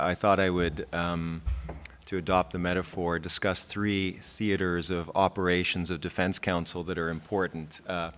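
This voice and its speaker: A man with a very low voice speaks to a panel audience. He sets out his talk point by point in formal, careful wording. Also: a bit bright. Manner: methodical, structured, formal word choice. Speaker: defense counsel panelist.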